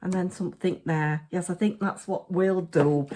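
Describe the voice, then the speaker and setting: A woman's voice: fairly low pitch, steady tone, normal speed, few pauses, warm tone. A tired woman giving a chatty crafting narration, muttering to herself with playful asides.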